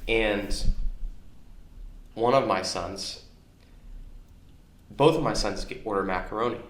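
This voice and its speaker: A man's voice: lowish voice, takes it slowly, a little hiss or hum. A man in his thirties, a podcast co-host, telling family anecdotes in a rambling, casual way with many restarts, recorded on location. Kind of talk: casual storytelling chat. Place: on location near his home. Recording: echoey on-location recording with faint ambience.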